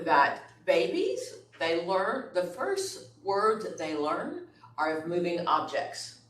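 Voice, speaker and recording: A middle-aged woman instructor lectures in a relaxed, conversational way, checking in with her listeners as she goes. She sits far from the microphone in a roomy, echoing space. A faint hum of room noise runs underneath. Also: lowish voice. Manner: conversational, checks in with "okay?" and "right?". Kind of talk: classroom lecture.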